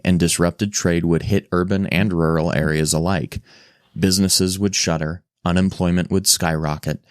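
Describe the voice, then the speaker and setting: A man giving measured, grave scripted documentary narration. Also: deep voice, no room sound, clean studio sound.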